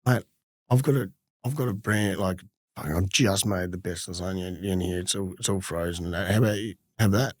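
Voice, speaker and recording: A man voicing a pushy middle-aged restaurant owner who coaxes a customer with smooth salesman patter, in a low voice. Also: brisk, dry recording. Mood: coaxing.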